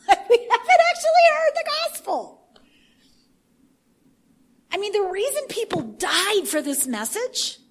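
A woman preaching a sermon in an animated way, swinging from hushed asides to shouting. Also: sits high, slight background noise.

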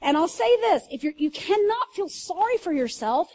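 A woman pastor preaching to a congregation, telling stories in an animated way with loud bursts and asides. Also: very high voice, moderate pace. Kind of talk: sermon. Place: church service.

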